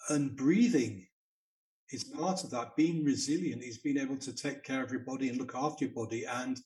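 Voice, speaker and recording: A man hosting a podcast, calmly summing up what his guest said. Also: mid-range voice, moderate pace, rough recording. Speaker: podcast host. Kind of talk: conversational interview.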